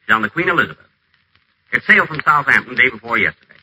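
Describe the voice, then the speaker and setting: A man's voice: mid-range voice, animated, very fast, slight background noise, poor audio. An actor playing a pompous, acid-tongued man who schemes from a wheelchair, in theatrical 1940s radio acting. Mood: scheming. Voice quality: sharp, theatrical, imperious delivery. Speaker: acerbic radio celebrity stuck in a wheelchair.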